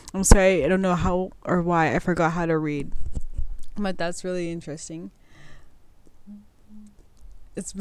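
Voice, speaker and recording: Chatty woman with a smooth, clear voice. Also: medium pitch, darkish tone, no room sound. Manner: chatty, reads aloud and trips over words, swears casually. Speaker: podcast host. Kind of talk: casual astrology chat, reading aloud.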